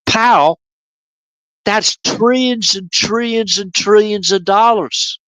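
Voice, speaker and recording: A man putting on a gruff, blustering male Marine drill sergeant who keeps calling people pal. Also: sits high, slow, a bit bright, dry recording, pitched above the performer's own voice, rough recording. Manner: blustery, barking, condescending "pal".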